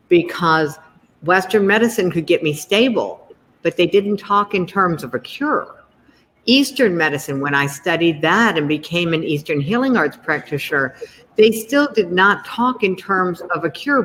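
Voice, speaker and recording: A woman's voice: fairly low pitch, a bit bright, in a large hall, slight background noise, low-quality recording. A woman appearing as a guest author, speaking in an emphatic, explanatory way and stressing her key points. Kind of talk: conversational advice.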